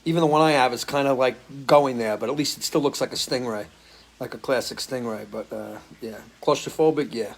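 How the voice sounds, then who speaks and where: Man, musician, casual live stream chat, answers viewers, swears, restarts sentences, mid-pitched voice. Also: fairly quick, gravelly. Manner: loose, swears freely, talks in restarts. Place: home, living in Florida.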